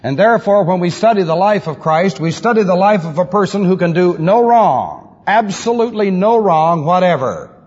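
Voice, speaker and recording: A man's voice: sits high, animated, normal speed, hardly any pauses, a little mellow, slightly rough. A man teaching a methodical sermon, repeating key phrases with emphasis, on an old recording. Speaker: pastor teaching doctrine. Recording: lo-fi old recording in a reverberant hall.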